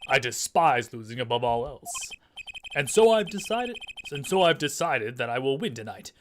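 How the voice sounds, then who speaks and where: A man reading the lines of a calm, ruthless male poker player, with game music behind. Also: medium pitch, normal speed, a little hiss or hum, lightly acted. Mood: grave.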